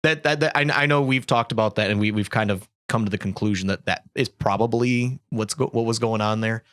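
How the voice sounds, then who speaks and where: A man's voice: fairly low pitch, a little fast, fairly bright tone, dry recording, clean studio sound. Hesitant man in casual chat. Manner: hesitant, many restarts and fillers.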